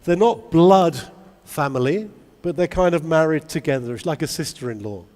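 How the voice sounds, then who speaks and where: A man giving a lively conference talk to English teachers, asking the audience many questions. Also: fairly high pitch, normal speed. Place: large convention hall. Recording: long hall reverb.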